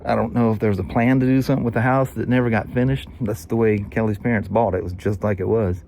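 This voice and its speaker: A man's voice: on the low side, steady tone, quick pace, vocal fry, darkish tone, slight background noise. Folksy Southern man in his sixties. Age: 60s. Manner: rambling, folksy, with frequent "you know" and "anyway". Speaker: vlogger. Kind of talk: casual storytelling.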